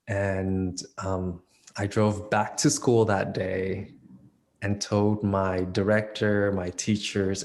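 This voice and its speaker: A man's voice: on the low side, a little mellow. A man in his thirties speaking as an interview guest, talking casually with many fillers and restarts. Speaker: interview guest, dance choreographer. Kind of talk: conversational interview.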